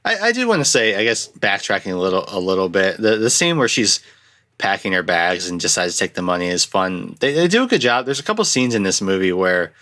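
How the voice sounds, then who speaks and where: A young man hosting a casual film review, rambling and restarting often, with lively jumps into quoted lines. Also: sits low, brisk. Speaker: podcast host reviewing films. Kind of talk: casual chat.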